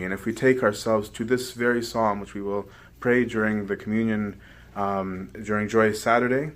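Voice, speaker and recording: Low-voiced man preaching a sermon. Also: fairly even intonation, normal speed. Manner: explains scripture, checks with the listeners using "right?".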